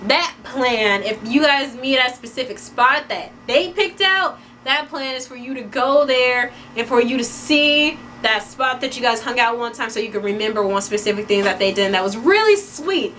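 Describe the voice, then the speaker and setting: A woman's voice: a little high, animated, normal speed, hardly any pauses, bright, forceful tone, a little hiss or hum. A young woman chatting playfully to camera as a vlogger, acting out quoted lines as she goes. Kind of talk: casual chat to camera.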